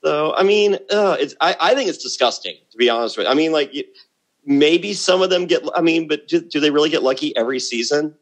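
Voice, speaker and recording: A man's voice: fairly high pitch, animated, a little fast. A middle-aged man chatting as a podcast guest, blunt and boastful, often repeating words as he starts a thought. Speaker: podcast guest, former reality show contestant. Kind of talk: casual interview chat.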